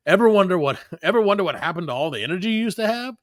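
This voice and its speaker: A man putting on the voice of an overeager male pitchman, reading a supplement ad in a hammy, salesy way. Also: sing-song, normal speed, fairly bright tone, no echo, studio quality. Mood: hyped.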